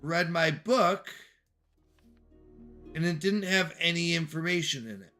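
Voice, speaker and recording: A man's voice: fairly high pitch, unhurried, pushed and bright, faint music behind. A man streaming a puzzle game, talking to himself and his chat in jokey, self-scolding asides. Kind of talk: live game commentary.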